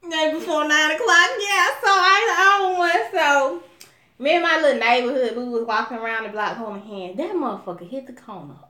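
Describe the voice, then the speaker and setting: Animated Alabama woman telling a story. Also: sits high, normal speed. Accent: Southern US, Alabama. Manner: animated, profane, addresses viewers as y'all. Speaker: vlogger. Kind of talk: casual storytelling vlog. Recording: echoey room.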